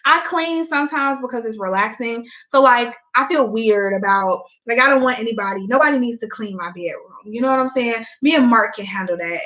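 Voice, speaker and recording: Young mom vlogger talking to her viewers, bright clear voice, a bit muffled. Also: on the high side. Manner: chatty and candid, Southern "y'all" speech. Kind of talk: casual chat. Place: home.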